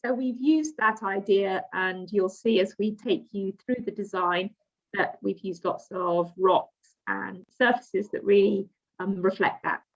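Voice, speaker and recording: An English woman co-presents a landscape design in an online call. She speaks at a measured pace with some light teasing. Her audio comes through slightly dull and muffled. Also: mid-range voice, fairly even intonation, vocal fry. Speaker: landscape architect.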